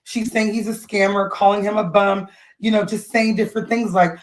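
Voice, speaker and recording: A woman's voice: mid-range voice, steady tone, moderate pace, low-quality recording. A woman hosting a casual gossip livestream, chatting and reading out posts and text messages from her phone or webcam. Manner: chatty, reads out posts and texts. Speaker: host.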